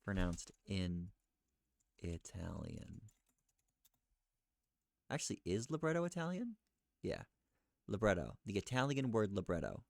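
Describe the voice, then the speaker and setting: A man thinking aloud as he looks things up, questioning himself and reading search results aloud in a halting, muttering way. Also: low voice, very animated, vocal fry, darkish tone, dry recording. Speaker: streamer researching live.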